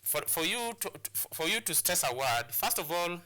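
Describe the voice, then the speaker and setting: Bright-voiced Kenyan man teaching. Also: high-pitched, big pitch swings, normal speed. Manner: repetitive, hesitant with many fillers. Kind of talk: televised classroom lesson.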